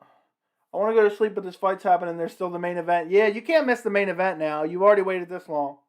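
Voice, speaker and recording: Talking fast in a high-pitched voice, a livestream host casually remarks on a fight. He stays chatty, bouncing between the bout and his chat's comments.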